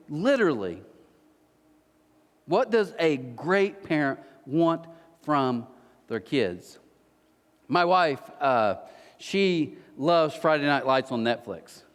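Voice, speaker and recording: A man's voice: fairly high pitch, takes it slowly, pauses often, big-room sound. A man preaching a sermon as pastor, telling stories with playful asides. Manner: animated storytelling with playful asides. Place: church auditorium.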